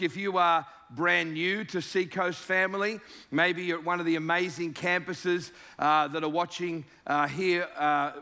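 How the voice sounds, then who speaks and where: A man's voice: high voice, bright, forceful tone. An Australian man in his fifties, a guest preacher giving a jovial, joking sermon to a church crowd.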